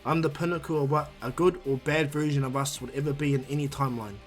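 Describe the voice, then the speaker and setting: A man voicing a calm, proud, all-powerful male overseer of the multiverse in a fan-made anime story, speaking low and gently. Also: fast, faint music behind, natural voice. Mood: calm, kindly.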